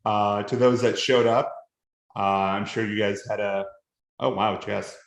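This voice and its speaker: A man's voice: on the low side, steady tone, unhurried, reverberant. A man co-hosting a podcast, talking in a joking, rambling way and laughing often. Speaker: podcast co-host. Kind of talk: casual podcast chat.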